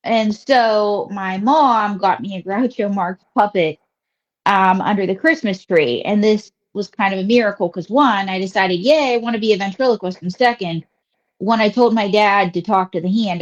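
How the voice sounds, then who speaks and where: A woman's voice: mid-range voice, moderate pace. Western pa lady comedian rambling through stories, lots of "you know", bit muffled audio. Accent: Western Pennsylvania. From Western Pennsylvania. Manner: chatty storyteller, rambling with many fillers and asides. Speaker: comedian guest. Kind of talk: casual interview chat. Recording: slightly dull lo-fi audio.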